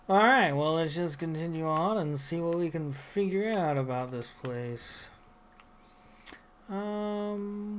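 A man's voice: a little high, takes it slowly, a little hiss or hum. A man talking casually over his own video game playthrough, muttering to himself and then cursing at enemies. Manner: swears loudly at enemies, rambling asides. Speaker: gameplay video host. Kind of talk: casual let's play commentary.

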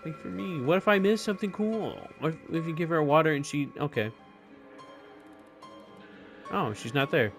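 A man hosting a casual let's-play, excitable and often yelling and repeating himself. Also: a little high, normal speed, pauses often, soft background music. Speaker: gaming channel host.

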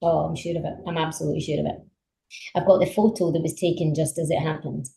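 A woman with a notably low voice, chatting as a podcast guest. She tells her stories with animation and plenty of ums and restarts. The talk stays relaxed and conversational. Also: fast talker, vocal fry, poor audio. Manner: animated storyteller, many fillers. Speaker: politician guest. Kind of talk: casual conversation.

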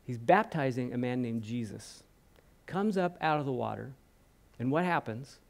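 A man preaching a sermon in church, telling a Bible story with animated acted-out quotes and questions to the congregation. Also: mid-range voice, normal speed, vocal fry. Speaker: guest preacher. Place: church hall.

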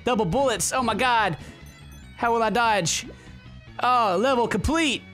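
Man, gaming commentary, excitable, sarcastic, bright tense voice, faint game music behind. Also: very high voice, unhurried. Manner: excitable, joking, sarcastic, swears a lot. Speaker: gaming YouTuber. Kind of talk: let's play commentary.

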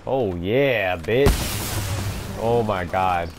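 A man doing live gameplay commentary, raging, swearing and yelling in frustration. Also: fairly low pitch, drawn-out words, noisy background. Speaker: gamer streamer.

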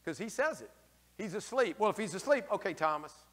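A male priest giving a lively, folksy homily, taking questions from the congregation and acting out the figures in raised voices. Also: high voice, quick pace, in a large hall. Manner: folksy, slangy asides. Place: church.

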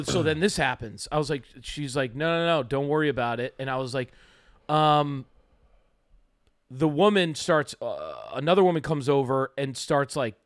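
A man's voice: medium pitch, no echo, clean studio sound. A man co-hosting a comedy podcast, telling a rambling story full of fillers and acting out the lines he quotes.

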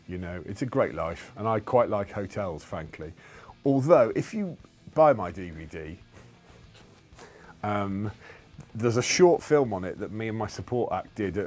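A man's voice: deep voice, a little mellow. A man, a comedian, chatting in an interview and telling stories in a rambling, self-correcting way. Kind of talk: casual interview chat.

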